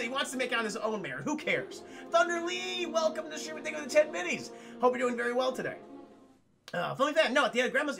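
A man's voice: high voice, pushed and bright. A man streaming a casual film recap, rambling and swearing while constantly addressing his chat.

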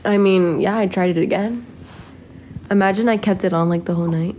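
A woman's voice: mid-range voice, brisk, a little mellow, slight background noise. A woman around twenty chatting casually on a live stream from home, reading viewer comments aloud into a phone held at arm's length. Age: 20s. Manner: chatty, reads viewer comments aloud, sings snatches of a song. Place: home indoors.

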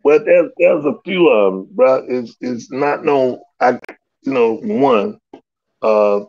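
A man telling stories in casual slangy talk, animated and loose, often laughing. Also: slow, no echo, lo-fi sound. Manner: animated, loose slangy storytelling with big pitch jumps and laughs. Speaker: guest storyteller. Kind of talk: casual storytelling.

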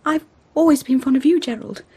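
A woman's voice: high-pitched, brisk, vocal fry, darkish tone, slightly rough, full character voice. An actress playing Madge, an earnest, idealistic young woman urging a friend on, in a radio play. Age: young adult.

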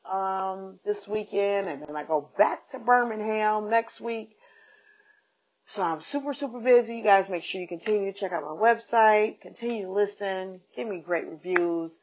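A woman comedian and podcast host telling a casual, animated story and acting out the people in it. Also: lowish voice. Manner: animated, acts out quoted people. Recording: dull lo-fi podcast audio.

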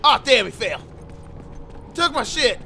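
A man giving live gameplay commentary, loud and excitable, with profane play-by-play reactions. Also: very high voice, slow, a little hiss or hum.

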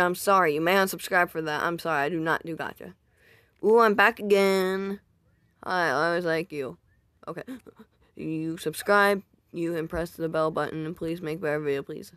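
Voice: medium pitch, moderate pace, pushed and bright, no room sound. Casual YouTuber reacting to comments, self-mocking, recorded dry at a home mic. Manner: self-deprecating, rambling, reacts aloud. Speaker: YouTuber reading viewer comments.

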